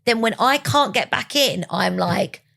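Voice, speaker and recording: A woman's voice: fairly high pitch, animated, a little slow, creaky, fairly bright tone. A woman chatting frankly as a podcast guest and business mentor, with casual swearing. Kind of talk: casual chat.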